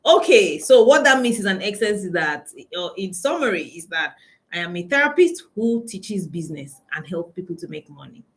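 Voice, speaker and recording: A woman's voice: mid-range voice, sing-song, moderate pace, low-quality recording. Chatty Nigerian woman on a phone live stream. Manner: chatty, laughing often, greeting viewers by name. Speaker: mind and strategy coach hosting a live stream. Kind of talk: casual live-stream chat.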